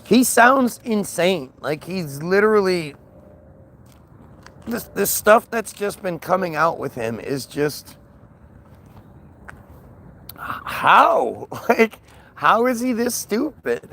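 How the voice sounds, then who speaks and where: A man's voice: high-pitched, sing-song, takes it slowly, vocal fry, pauses often, fairly bright tone. A man ranting in a casual monologue, profane, scornful and rambling with many restarts. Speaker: vlogger.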